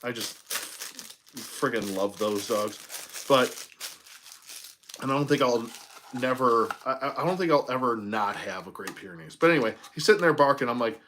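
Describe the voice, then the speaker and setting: Rambling toy collector. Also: male voice, mid-range voice, a bit bright, a little hiss or hum. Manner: rambling storyteller, laughs often, drawn-out pauses. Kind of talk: casual unboxing chat. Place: home room.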